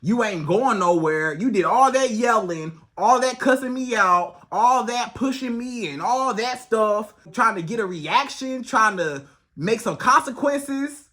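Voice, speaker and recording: Man, dating-advice vlogger; bright, forceful voice; blunt, repetitive, casual. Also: sits high, expressive, measured pace. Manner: blunt, preachy, repetitive, slangy. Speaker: relationship coach.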